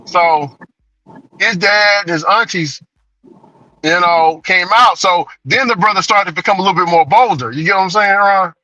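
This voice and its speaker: Man, casual laughing storyteller, high voice, dry close sound. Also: moderate pace, no room sound, highs cut off. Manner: laughing, animated retelling. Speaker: delivery driver vlogger.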